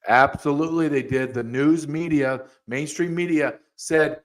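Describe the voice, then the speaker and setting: A man's voice: on the high side, measured pace. A man hosting a podcast, ranting angrily in heated commentary, with frequent restarts and repeated words. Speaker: podcast host.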